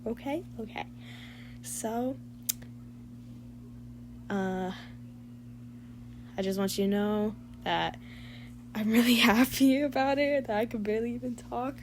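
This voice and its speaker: A woman's voice: on the high side, fairly even intonation, slow pace, long pauses, noisy background. A young woman who makes fan voice-overs, chatting casually with her viewers in a gushing, emotional, rambling way. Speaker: fan voice-over creator.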